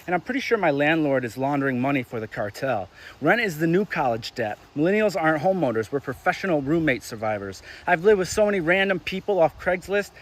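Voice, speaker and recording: A young man with a fairly high voice tears through a crude, sarcastic comedy rant. He sounds exasperated and animated, and his voice jumps up in sudden loud spikes. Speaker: ranting commentator.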